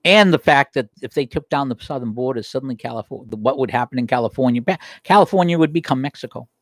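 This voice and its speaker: A man hosting a political livestream speaks in a heated, emphatic monologue. His pitch swings widely and climbs as he presses each point. The sound is dry and close, with no room around it. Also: animated, fast talker, no echo. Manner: heated, emphatic, pitch rising sharply when worked up. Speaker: political talk show host. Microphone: livestream desk microphone.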